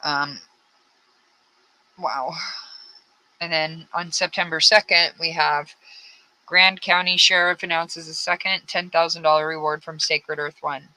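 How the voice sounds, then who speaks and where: Blunt, sharp-voiced woman on true crime. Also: low-pitched, fairly even intonation, unhurried, pauses often, poor audio. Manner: rambling, blunt, frustrated asides. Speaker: true crime channel host. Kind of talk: casual true-crime commentary.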